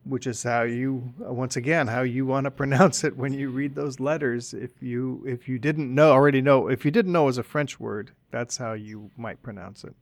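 A man's voice: medium pitch, fairly even intonation, normal speed, few pauses, no room sound. A man co-hosting a casual podcast, talking hesitantly with frequent restarts and agreeable responses. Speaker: podcast co-host.

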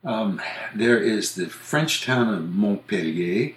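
A man from the United States hosting a podcast, casually explaining things in a measured way and spelling words out letter by letter. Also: on the low side, lively intonation, roomy sound. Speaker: podcast host on English usage.

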